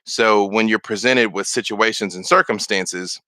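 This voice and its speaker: Chatty man with a low, bright voice. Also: normal speed, no room sound. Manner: rambling, chatty, many fillers and restarts. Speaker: streamer and game master. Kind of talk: casual live-stream Q&A.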